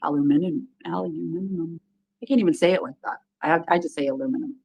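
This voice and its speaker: A woman chatting on a livestream in a folksy, relaxed way. Her voice sits low, and she greets the viewers as she talks. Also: rapid-fire, muffled recording. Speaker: livestream co-host. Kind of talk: casual livestream chat.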